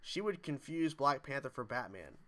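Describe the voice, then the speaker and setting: A man's voice: mid-range voice, sing-song, moderate pace, sharp tone. A young man hosting a livestream, chatting casually and reading viewer comments aloud in a jokey way. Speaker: livestream host.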